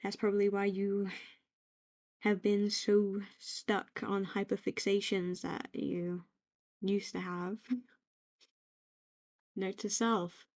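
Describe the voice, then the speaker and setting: A young British woman gently rambling in a soft-spoken ASMR-style note to herself, reflective and quietly affirming, recorded on a home microphone. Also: mid-range voice, flat delivery, takes it slowly, long pauses. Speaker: ASMR creator.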